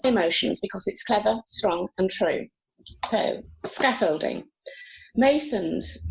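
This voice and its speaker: A woman's voice: medium pitch, poor audio. A woman carefully introducing and reading a poem over an online call. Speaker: poetry reader. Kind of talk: poetry reading.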